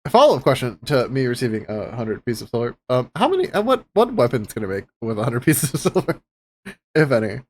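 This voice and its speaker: A man's voice: mid-range voice, big pitch swings, fairly quick, a little mellow, a little hiss or hum. Guy playing a dice game, laughs a lot, swears, voice jumps all over. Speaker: player. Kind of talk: tabletop game play, casual chat.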